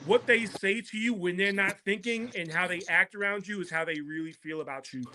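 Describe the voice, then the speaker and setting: A man's voice: sits high, fairly quick, bright, forceful tone, low-quality recording. A man speaking as a guest on a political talk show, making an impassioned case and repeating words as he presses his points. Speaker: podcast guest.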